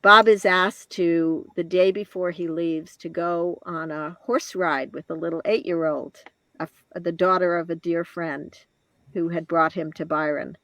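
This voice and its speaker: A woman in her later years, a guest telling a personal story in an interview, reflective and halting, with restarts and soft laughs. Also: lowish voice, fairly even intonation, no echo.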